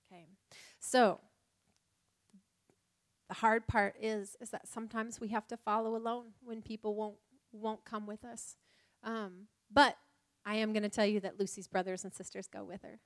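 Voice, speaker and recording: A woman's voice: a little high, normal speed, fairly bright tone, no room sound, studio quality. A woman teaching young children through a story, upbeat, asking them frequent questions.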